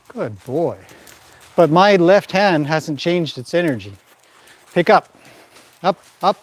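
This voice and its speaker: A man training a horse in a pen, calmly explaining what he does while softly praising and directing the animal. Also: fairly high pitch. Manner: calm running commentary mixed with soft praise to the horse.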